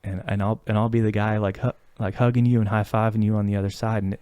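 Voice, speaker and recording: A man's voice: on the low side, level tone, fast talker, darkish tone, clear, resonant tone, no room sound, lo-fi sound. A man co-hosting a podcast, talking in an earnest, reflective way with many fillers and restarts. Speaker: podcast co-host. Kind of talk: casual podcast conversation.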